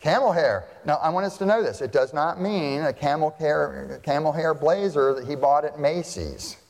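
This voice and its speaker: A man's voice: a little high, normal speed, vocal fry. A man preaching a conversational sermon as a pastor, often asking his congregation questions. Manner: chatty, asks the congregation questions. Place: church sanctuary. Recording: long church hall reverb.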